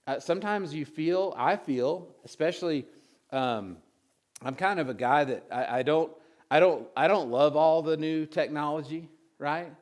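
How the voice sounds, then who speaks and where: A pastor with a slightly high, unhurried voice preaches in a casual, conversational way, reading scripture and chatting through the story. He makes many restarts and asides and retells the passages using acted voices.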